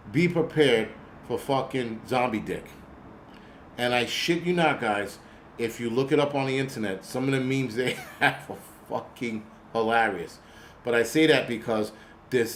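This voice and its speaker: Male host, casual profane rant, animated and laughing, mid-range voice, faint noise behind. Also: medium pitch. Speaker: channel host.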